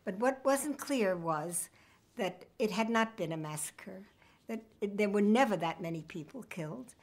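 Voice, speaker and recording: A woman, reminiscing in an oral history interview with a wry sense of humor. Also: mid-range voice. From United States.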